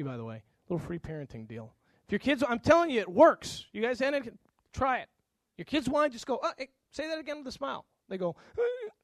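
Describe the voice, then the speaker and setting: A male pastor preaches with a notably high voice, animated and conversational. He slips into different voices to act out everyday exchanges. The sound is close and dry, with no room around it. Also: no echo. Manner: animated, acts out dialogue with varied voices. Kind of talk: sermon.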